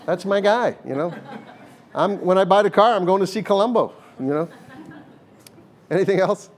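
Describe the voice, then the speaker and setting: A man's voice: high voice, moderate pace. An older man, a former hostage negotiator, answers interview questions in an earnest, conversational way, repeating words as he thinks and laughing now and then.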